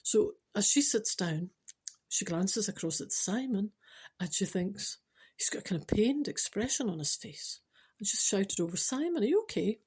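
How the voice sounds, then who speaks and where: A woman's voice: mid-range voice, lively intonation, moderate pace, a little mellow, slightly rough. A Scottish woman telling a story casually to an audience, chatty with rambling asides and laughs at herself. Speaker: storyteller host.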